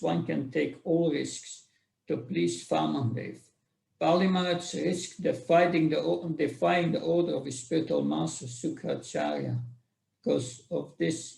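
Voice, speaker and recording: A man reading scripture verses aloud and explaining them in a class, halting often and restarting his sentences. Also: fairly high pitch, vocal fry, dark tone, reverberant. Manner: slow, halting, with restarts and fillers.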